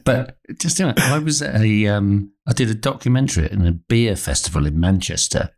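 A man's voice: lowish voice, expressive, brisk, a little mellow. A man, a comedian guest on a talk show, telling comic anecdotes and acting out both sides of the dialogue.

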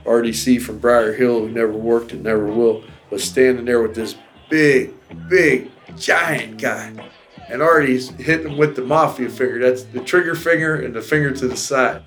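A man's voice: mid-range voice, fairly even intonation, normal speed, a bit bright, soft background music. A man wryly telling his own story in a casual, conversational way. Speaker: interviewee.

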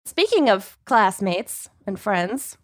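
A woman's voice: mid-range voice, big pitch swings, slow pace. A woman co-hosting a podcast in casual chat, joking about herself in a laid-back way. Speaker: podcast co-host.

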